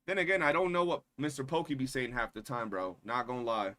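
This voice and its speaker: Talking fast in a medium-pitched, fairly bright voice, this young streamer reacts to drama with slang-filled, foul-mouthed rants. He mocks the people he talks about in a loose, casual chat.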